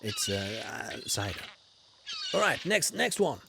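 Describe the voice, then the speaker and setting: A man playing a lively, theatrical old-fashioned explorer. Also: mid-range voice, measured pace, vocal fry, noisy background. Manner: greets chat viewers warmly by name. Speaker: streamer. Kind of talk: live game commentary in a role-play persona.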